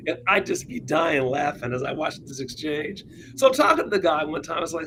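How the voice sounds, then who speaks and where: A man co-hosts a talk show, spinning chatty, wry anecdotes with a lively, swooping delivery. His voice sits a little high for a man. He often laughs at his own points. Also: brisk, slight background noise, poor audio. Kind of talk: casual political chat, anecdotal storytelling.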